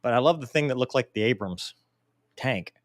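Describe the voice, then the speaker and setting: A man's voice: mid-range voice, moderate pace, no echo, studio quality. A man in his forties hosting a casual live Q&A, reading viewer mail and joking about himself. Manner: joking, self-deprecating, animated. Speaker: host answering viewer mail.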